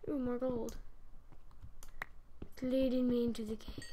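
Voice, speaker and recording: Woman, gaming host, high voice, unhurried chatty commentary, faint typing behind. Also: little pitch movement, mellow, a little hiss or hum. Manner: chatty, apologetic, talking to herself while playing. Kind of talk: casual game commentary.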